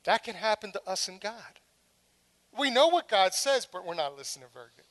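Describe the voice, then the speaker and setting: A middle-aged woman preacher gives a lively sermon as a story, acting out scenes with dramatic flair and slipping wry, humorous asides between points. Her voice is mid-range and fairly quick.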